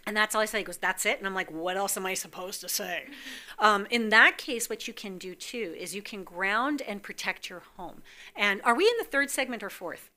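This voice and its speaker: A woman's voice: mid-range voice, lively intonation, fairly quick, bright, forceful tone. A woman hosting a psychic call-in show, talking casually to viewers and acting out dialogue as she tells a family story.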